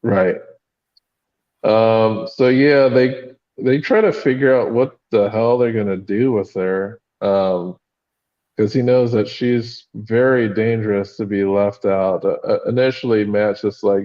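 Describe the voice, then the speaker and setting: A man's voice: on the low side, fairly even intonation, unhurried, a little mellow, highs cut off. A man co-hosting a podcast, recapping a book in casual chat with many fillers and frequent laughs. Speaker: podcast co-host.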